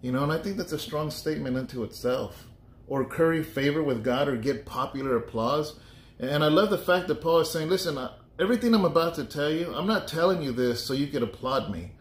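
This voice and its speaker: A man's voice: a little high, expressive, a little fast. Chatty pastor man in an echoey room. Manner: chatty and joking, thinks aloud with restarts. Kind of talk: casual Bible study talk.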